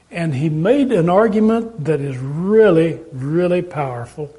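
A man's voice: high voice, lively intonation, a little slow, few pauses, warm tone. A man preaching a sermon in an earnest, emphatic way, asking rhetorical questions.

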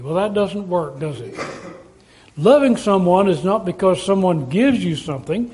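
Preacher, male, higher-pitched voice, conversational sermon full of rhetorical questions. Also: expressive, normal speed, a little mellow.

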